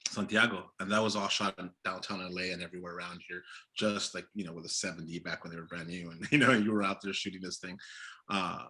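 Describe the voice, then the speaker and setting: A man's voice: low voice, fairly even intonation, fast talker, pushed and bright, husky. A man, a filmmaker guest, chatting casually and animatedly in an interview, laughing and acting out his own past thoughts. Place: Los Angeles area.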